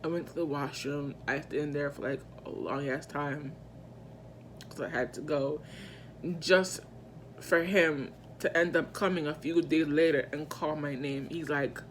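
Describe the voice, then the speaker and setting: Brief: woman vlogger, unhurried drawl, animated slangy storytelling, quick asides to the audience, faint background hiss. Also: low-pitched. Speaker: vlogger telling a personal story. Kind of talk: casual storytime.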